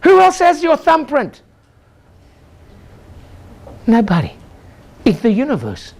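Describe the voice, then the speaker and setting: A man's voice: very high-pitched, wildly swooping pitch, takes it slowly, creaky. An older man, a chiropractor, giving an exclamatory motivational seminar talk and leading the audience in call-and-response chants. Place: lecture room with a live audience.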